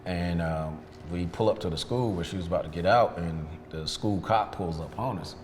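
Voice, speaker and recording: A man's voice: sits low, normal speed, a little mellow, slight background noise. A man in a sit-down interview, frankly recounting his past and retelling events with quoted dialogue. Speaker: interview guest, detailing business owner. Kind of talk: candid storytelling in a sit-down interview. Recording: long reverb with faint background ambience.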